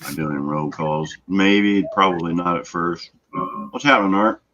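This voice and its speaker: A man's voice: low-pitched, moderate pace, bright, forceful tone, a little hiss or hum. A middle-aged man hosting a casual live stream, easygoing, answering viewers' messages by name. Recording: dull lo-fi stream audio.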